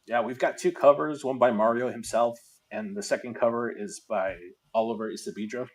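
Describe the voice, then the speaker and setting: A man speaks quickly as a guest on a casual livestream. His voice has a husky edge and sits mid-pitch for a man. He sounds relaxed and agreeable throughout. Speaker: guest comic creator.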